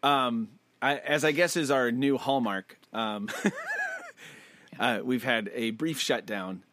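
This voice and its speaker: A man co-hosting a casual podcast, chatty and quick to laugh. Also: medium pitch, a bit bright, a little hiss or hum. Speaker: podcast co-host. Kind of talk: casual chat.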